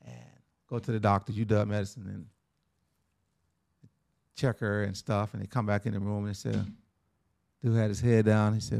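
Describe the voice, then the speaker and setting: A man's voice: lowish voice, little pitch movement, moderate pace, gravelly, pauses often, darkish tone, no room sound, studio quality. A middle-aged man telling a personal story in a casual, conversational way, often tagging lines with "right?" and "man".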